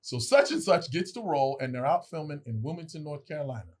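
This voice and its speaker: A guest actor in his forties tells stories in casual chat, speaking fast in a slightly high voice. He's animated, acts out quotes, and swears freely.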